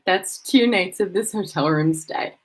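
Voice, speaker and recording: A woman's voice: on the low side, unhurried, rough recording. A woman hosting a casual live stream from a hotel room, emotional and effusive as she thanks her viewers. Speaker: livestream host.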